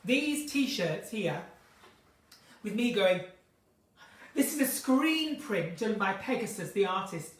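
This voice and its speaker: A woman hosting a casual live chat from her kitchen at home, theatrical and chatty, swinging between bright exclamations and low asides. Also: sing-song, slow, pauses often. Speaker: live-stream host chatting with viewers. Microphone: phone or webcam in a live stream. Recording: roomy, distant from the mic.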